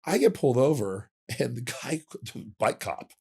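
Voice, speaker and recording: A man's voice: medium pitch, big pitch swings, moderate pace, a little mellow, slightly rough. A middle-aged man from California, a guest on a podcast, telling long rambling stories with casual swearing. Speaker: guest, veteran fighter. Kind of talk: casual storytelling.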